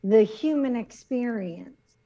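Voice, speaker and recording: A woman's voice: fairly high pitch, animated, slow pace, dark tone, lo-fi sound. A middle-aged woman co-hosting a casual chat show, talking chattily with frequent laughs and restarts. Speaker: podcast co-host.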